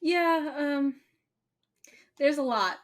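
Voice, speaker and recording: Relaxed woman co-host, higher voice. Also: extremely slow. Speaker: podcast co-host. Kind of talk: casual recap chat.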